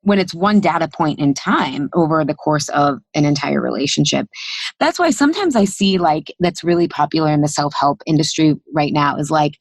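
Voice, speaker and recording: A woman hosting a podcast, talking in an animated, conversational way and thinking aloud with restarts. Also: low voice, moderate pace, no echo. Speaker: podcast host and coach. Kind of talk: conversational interview.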